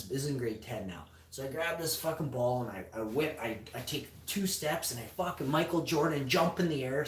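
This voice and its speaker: A man telling a story on a livestream podcast, swearing constantly and getting loud and heated. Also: medium pitch, reverberant. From Canada. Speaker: podcast host.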